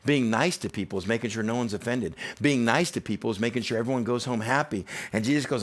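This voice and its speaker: A man's voice: medium pitch, fast talker, few pauses. A man, a teaching pastor, giving a sermon in a conversational, humorous preaching style. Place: church.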